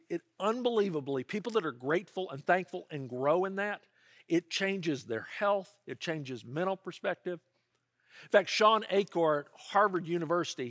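A man's voice: sits high, a bit bright, dry recording, clean studio sound. A man preaching a sermon, earnest and conversational, with asides and quoted prayers. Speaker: pastor.

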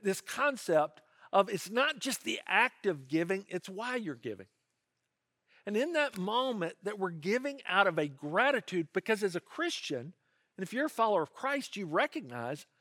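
Animated, high-pitched male preacher. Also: dry recording, studio quality. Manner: animated, earnest preaching with conversational asides. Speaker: pastor. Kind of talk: sermon.

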